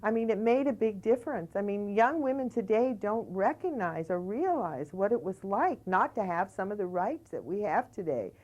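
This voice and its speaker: Her medium-pitched, expressive voice moves at a moderate pace with few pauses and a slightly mellow quality. She's a middle-aged American talk show host on community TV, speaking emphatically with a guest and often saying "you know."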